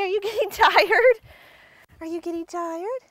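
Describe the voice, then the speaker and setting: A woman's voice: very high-pitched, measured pace, heavy background noise. A woman working as a dog agility trainer outdoors, coaching and explaining as she works a dog, breaking into squealing praise and frequent laughter.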